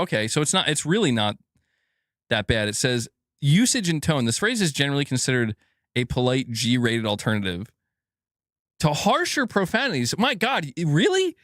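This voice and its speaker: A young man giving a profane, animated gaming news rant, laughing and talking back to his viewers. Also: medium pitch, dry recording, clean studio sound. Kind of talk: casual ranting commentary.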